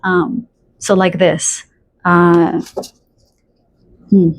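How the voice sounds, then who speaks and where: A woman's voice: fairly low pitch, little pitch movement, gravelly. Chatty woman giving a tarot reading. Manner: chatty and spontaneous, pauses searching for words. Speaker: tarot reader. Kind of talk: channeled pick-a-card tarot reading.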